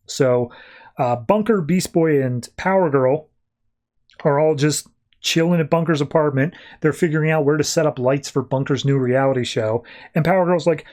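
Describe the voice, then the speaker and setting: A man hosts a casual podcast, retelling a comic book plot. His delivery is loose and chatty, full of fillers, and he tosses off quick voices for the characters as he goes. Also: mid-range voice, a little mellow. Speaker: podcast host.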